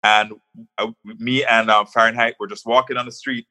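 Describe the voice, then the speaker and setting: A man from Jamaica, a guest on a podcast, telling stories in an animated way and often restarting his words. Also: mid-range voice, moderate pace. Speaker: guest, music manager. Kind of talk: casual storytelling on a podcast.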